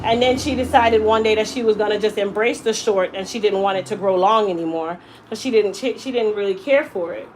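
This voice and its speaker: A woman's voice: mid-range voice, fairly quick, few pauses, slight background noise, poor audio. A woman hairstylist telling a personal story in a casual, emphatic way while working in her salon. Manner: animated, emphatic storyteller who acts out quotes. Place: hair salon.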